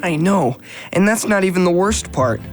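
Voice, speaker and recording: An earnest, loyal teenage boy, voiced by a woman in a children's radio drama, speaking low and steadily as a faithful helper. Clear music plays behind him. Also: expressive, normal speed, natural voice. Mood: worried. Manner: earnest, supportive.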